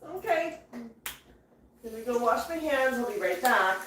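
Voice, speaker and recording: A woman hosting a casual livestream, cooing and chatting gently to her pet parrots in between reading viewer comments. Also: on the high side, lively intonation, unhurried, far from the mic. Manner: coos and talks gently to her birds. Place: indoor room with pet parrots. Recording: very echoey room, voice away from mic, faint noise.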